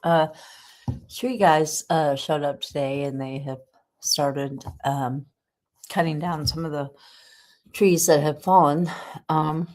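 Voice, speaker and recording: A woman's voice: low voice, fairly even intonation, slow pace, long pauses, a little mellow. A woman with a Southern US accent hosting a casual livestream at home, congested from a cold, chatty and rambling with lots of ums. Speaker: livestream host. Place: indoors at home.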